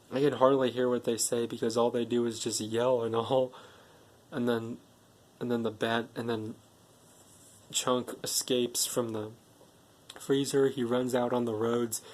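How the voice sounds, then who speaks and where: A man with a mid-pitched voice gives a casual spoken movie recap. He rambles from one plot point to the next, chaining clauses with "and then" and "like". His tone stays plain and conversational throughout. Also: a little mellow. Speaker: movie reviewer.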